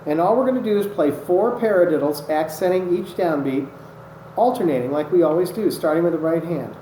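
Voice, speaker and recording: Guy teaching drum rudiments, kinda high voice, roomy echo and loud noise behind. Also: fairly quick. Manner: patient, methodical, counts strokes aloud. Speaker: drum instructor. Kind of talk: instructional demonstration. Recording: echoey room with loud noise. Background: drumming on a practice surface.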